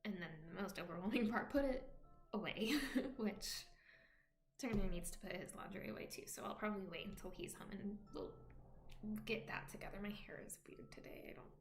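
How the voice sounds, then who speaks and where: A woman's voice: medium pitch, moderate pace, long pauses. A woman chats casually while streaming from home, drifting from topic to topic. She often sinks to a whisper. Her voice bounces around an echoey room over faint music. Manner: rambling, often drops to a whisper. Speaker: vlogger.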